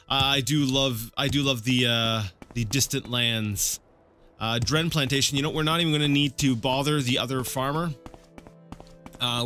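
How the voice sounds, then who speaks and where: A man's voice: medium pitch, sharp tone. A man casually commenting on a video game as he plays, rambling and thinking aloud with many fillers and restarts. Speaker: let's play host.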